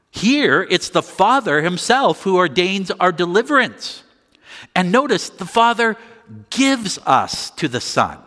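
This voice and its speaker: A man preaching a sermon with slow, deliberate phrasing and emphatic pauses. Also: sits high, pushed and bright, long reverb tail. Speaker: pastor.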